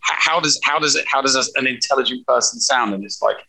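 A man's voice: medium pitch, a little fast, creaky, sharp tone, breathy edge, poor audio. A man with an English accent chatting as a podcast guest, joking and often repeating himself. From England. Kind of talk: casual podcast chat.

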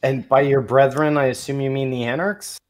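A man playing a tabletop game, easygoing and a little halting. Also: mid-range voice, steady tone, slight background noise. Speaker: player.

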